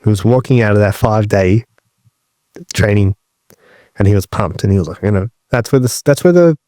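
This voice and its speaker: A man's voice: on the low side, fairly quick, warm tone, no echo, studio quality. A man co-hosting a podcast who chats casually, rambling and questioning as he builds his point. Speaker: podcast co-host.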